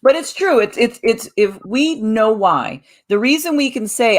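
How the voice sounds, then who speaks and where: A woman's voice: mid-range voice, lively intonation, a little slow, few pauses. A woman co-hosting a podcast in casual chat, earnest and reflective. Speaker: podcast co-host.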